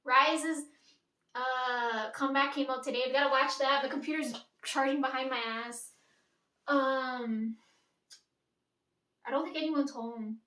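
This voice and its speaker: A woman's voice: high-pitched, steady tone, unhurried, long pauses, sharp tone. A young woman vlogging at home in a rambling, chatty way, with casual swearing and lots of "like". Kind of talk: casual daily vlog chat. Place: room at home. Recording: echoey room, mic at a distance.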